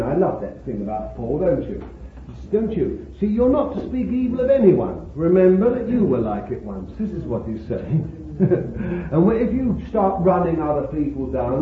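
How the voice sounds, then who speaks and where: A man's voice: medium pitch, big pitch swings, unhurried, a little hiss or hum. A man preaching a sermon to a congregation, emphatic and exclaiming, breaking into chuckles. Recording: tinny phone-like old sermon tape, echoey hall.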